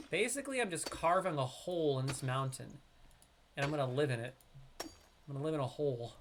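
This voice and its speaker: A man's voice: a little high, brisk, long pauses, background noise. Chatty man streaming a game. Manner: chatty, talks to chat, bursts into loud excited yelps. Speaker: live streamer. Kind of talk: casual gameplay live-stream commentary.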